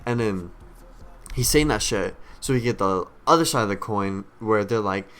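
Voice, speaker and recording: A man's voice: on the low side, moderate pace, fairly bright tone. A man streamer giving a rambling, blunt commentary rant, swearing heavily as he talks. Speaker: streamer reacting to clips.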